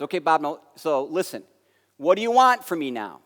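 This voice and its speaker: An American man giving a conference keynote, telling a story with lively acted-out dialogue that swings between loud and soft. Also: fairly high pitch, fairly quick. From United States. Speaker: keynote speaker. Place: large conference hall. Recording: long hall reverb.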